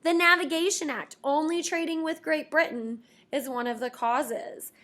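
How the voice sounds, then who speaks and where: A woman teacher giving a lively history lesson to her students, expressive and playful with asides. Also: high-pitched, normal speed.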